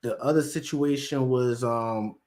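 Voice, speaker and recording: A man's voice: medium pitch, fairly even intonation, a little slow, darkish tone. A man hosting casual commentary, rambling in slang and acting out quotes from the people he talks about. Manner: slangy, rambling storyteller who acts out quotes. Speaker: commentary host.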